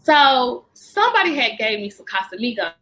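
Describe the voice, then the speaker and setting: A woman, a podcast guest, telling an animated personal story in casual chat and venting to her listeners. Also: on the high side, moderate pace. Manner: animated, vents to listeners as "y'all".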